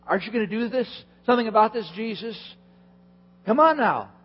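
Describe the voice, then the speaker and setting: A man voicing an exasperated, overworked woman who complains loudly and demands help. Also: sits high, lively intonation, a little fast, breathy edge, voice pushed up. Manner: pleading, complaining, emphatic. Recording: dull lo-fi in a reverberant hall with hum.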